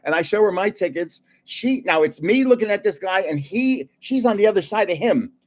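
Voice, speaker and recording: Older man with a higher voice, chatty card stream host. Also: normal speed. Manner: animated, laughing storyteller, chatty with viewers. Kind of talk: casual live-stream chat and storytelling.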